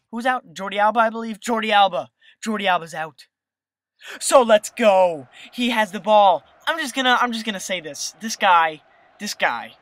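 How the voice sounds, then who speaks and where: A young gamer giving excitable gameplay commentary over a football video game, swinging between hype and annoyed rants. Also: medium pitch, dry recording. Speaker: gaming video host.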